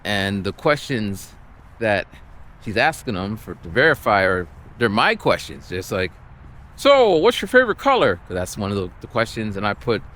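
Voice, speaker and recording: A man ranting and telling a story while walking outdoors, exasperated and animated. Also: on the low side, moderate pace. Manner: exasperated, animated, acts out the people he quotes. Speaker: vlogger.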